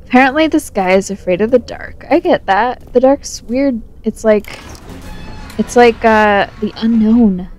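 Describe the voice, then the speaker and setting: A woman's voice: a little high, a little slow, a little mellow, faint music behind. A tipsy young woman chatting and swearing through a let's play, talking back to the game's character. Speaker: gamer. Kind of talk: casual drunk let's play commentary.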